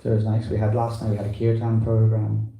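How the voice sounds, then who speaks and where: A man's voice: fairly low pitch, monotone, fast talker, creaky, lo-fi sound. A man giving an informal, rambling talk to a temple congregation, full of "you know" and loose asides. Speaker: visiting preacher. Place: temple hall. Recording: echoey temple hall.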